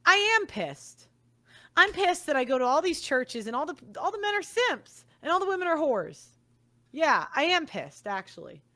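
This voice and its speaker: A woman's voice: sits high, bright, forceful tone. A young woman giving an angry, blunt monologue, swearing often as she vents. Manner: blunt, profane and heated. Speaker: commentator.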